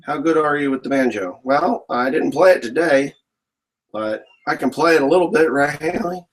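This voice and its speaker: A man's voice: a little high, expressive, normal speed, rough recording. A man, a farmer, casually answering viewer questions in a rambling, joking way. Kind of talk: casual live Q&A chat.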